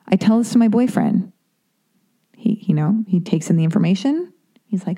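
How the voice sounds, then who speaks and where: A woman's voice: fairly high pitch, animated, moderate pace, mellow. A woman hosting a podcast, telling a long casual story in a chatty, profane way full of asides and tangents. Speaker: podcast host.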